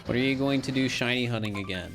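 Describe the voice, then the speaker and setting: A man's voice: medium pitch, fast talker. A man streaming a game, chatting casually and joking about his own slips. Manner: chatty, self-mocking, laughs often. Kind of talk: casual gameplay commentary. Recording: faint music behind. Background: faint game music.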